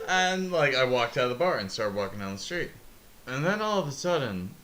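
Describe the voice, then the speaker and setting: A man's voice: medium pitch, sing-song, brisk, fairly bright tone, slight background noise. A young man hosting a podcast, telling a long story in casual chat, rambling and swearing, laughing at his own jokes.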